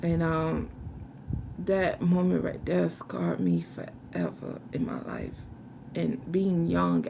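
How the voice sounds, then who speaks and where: Young woman, low fry-heavy voice, emotional and halting, close to tears. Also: very animated, warm tone, a little hiss or hum. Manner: halting, searching for words, restarts. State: fighting back tears. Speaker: vlogger telling her life story. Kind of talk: emotional personal testimony.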